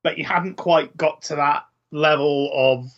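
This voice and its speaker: A man's voice: fairly high pitch, steady tone, unhurried. A man co-hosting a podcast, chatting thoughtfully about films with some hesitant restarts. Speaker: podcast co-host. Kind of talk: casual film chat. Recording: muffled lo-fi mic.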